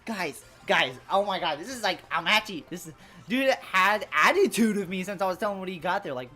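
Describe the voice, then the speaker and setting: A young woman streams a game live, chatting loosely with her viewers in a medium-pitched, brisk voice with lively intonation and a bright, forceful tone. Her manner is profane and jokey: she curses often and calls everyone in chat "bro."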